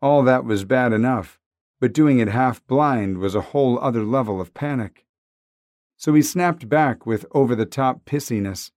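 A man's voice: mid-range voice, normal speed, a little mellow, no echo, clean studio sound. A man narrating a novel in a wry, conversational tone. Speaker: audiobook narrator. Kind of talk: scripted narration.

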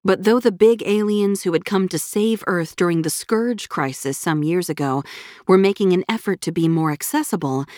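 An audiobook narrator with a low, darkish female voice reads a scripted story. The recording is dry and clean, with studio sound.

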